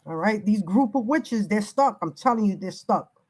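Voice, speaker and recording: A woman's voice: medium pitch, animated, moderate pace, a little mellow, a little hiss or hum, low-quality recording. An older woman giving an unscripted spiritual reading, emphatic and warning, piling up repeated phrases. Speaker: spiritual reader.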